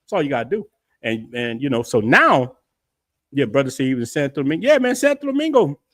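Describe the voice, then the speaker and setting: A middle-aged man from the United States hosting a casual livestream from his house, talking in an animated, rambling way with frequent laughs. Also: medium pitch, fast, no echo, studio quality. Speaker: travel livestream host.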